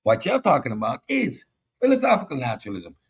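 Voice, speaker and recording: A man's voice: medium pitch, huge pitch swings, fast, husky. A man with a Caribbean accent hosting a combative philosophy monologue, boastful and mocking toward his audience. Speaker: host.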